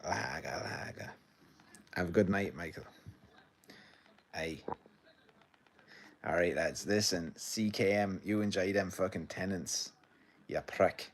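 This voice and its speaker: A man's voice: deep voice, a little slow, long pauses, slight background noise. An Irish man hosting a livestream, chatting casually with viewers, rambling, swearing and laughing as he reads their comments. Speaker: livestream host.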